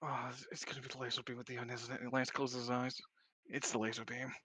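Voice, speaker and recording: A young man playing a tabletop game, casual and swearing, narrating his own character in quick bursts. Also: medium pitch, flat delivery, pushed and bright, husky, dry recording. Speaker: player.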